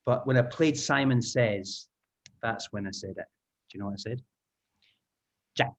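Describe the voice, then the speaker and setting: An English teaching trainer speaks at a medium pitch and a moderate pace as he leads an online language-teaching taster class. He is upbeat and encouraging, explaining sounds step by step. The audio comes through a video call and sounds muffled.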